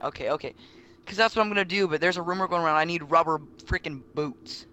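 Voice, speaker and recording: A man's voice: on the high side, fast, bright, forceful tone. A young man in a casual chat, asking questions with curiosity and swearing casually.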